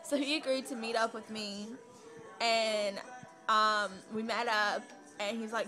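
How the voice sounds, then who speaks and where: Young woman vlogger, higher voice, hesitant and rambling, music bed behind. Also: fairly even intonation, normal speed, pushed and bright. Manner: rambling, hesitant with many fillers. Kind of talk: personal story vlog.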